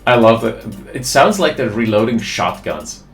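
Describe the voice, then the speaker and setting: A man giving live, excitable commentary on a strategy game, thinking aloud as he goes. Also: mid-range voice, measured pace, echoey room, soft background music. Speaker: game caster.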